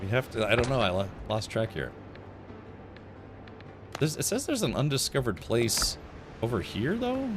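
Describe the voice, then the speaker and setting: A man's voice: mid-range voice, big pitch swings, moderate pace, long pauses, background noise. A man streaming a video game live, chatting casually, laughing often and thanking viewers.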